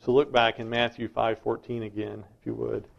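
A man's voice: medium pitch, level tone, moderate pace, creaky, dull audio. A middle-aged man preaching a sermon as a pastor, emphatic and insistent.

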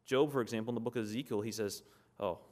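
A man's voice: lowish voice, fairly even intonation, fast talker, a little mellow. A man preaching a sermon in an earnest, conversational way, reading scripture aloud and explaining it.

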